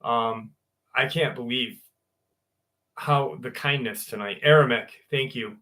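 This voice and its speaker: A man's voice: medium pitch, slow, sharp tone. Chatty man signing off a live stream. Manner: loose and chatty, swears and laughs easily. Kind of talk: casual sign-off chat with viewers.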